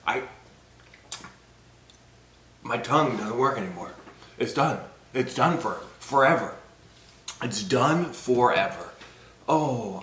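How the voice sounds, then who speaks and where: Young male vlogger, slow and fretful delivery, echoey room, faint noise behind. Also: mid-range voice, animated, fairly bright tone. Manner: talks to the camera in short, fretful bursts. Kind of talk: casual video blog. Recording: roomy echo, faint background noise.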